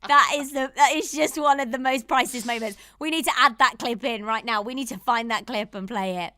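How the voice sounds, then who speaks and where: Bright, gushing woman podcast host. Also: fairly high pitch, fairly quick, no room sound. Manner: enthusiastic, gushing storyteller. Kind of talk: casual chat, storytelling.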